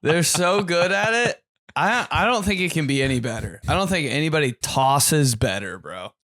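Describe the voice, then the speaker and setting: A man co-hosting a casual podcast as a stand-up comedian, laid-back and joking, often trailing into a low mumble. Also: expressive, moderate pace, fairly bright tone, no room sound, studio quality. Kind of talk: casual chat.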